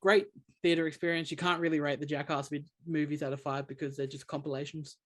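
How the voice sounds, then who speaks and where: Podcast co-host, man, slightly higher pitch, chatty rambling storyteller. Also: flat delivery, fast talker, a bit bright. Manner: rambling storyteller, many restarts. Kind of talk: casual chat.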